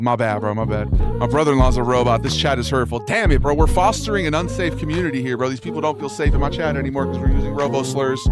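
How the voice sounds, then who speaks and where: A laid-back young man streams and chats with his viewers in an easy, slangy way, tossing "bro" and "dog" around. Loud music from the game runs under his voice the whole time. His pitch sits in an ordinary middle range. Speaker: live streamer. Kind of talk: casual chat with live viewers. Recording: music playing loudly underneath. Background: game music playing under the voice.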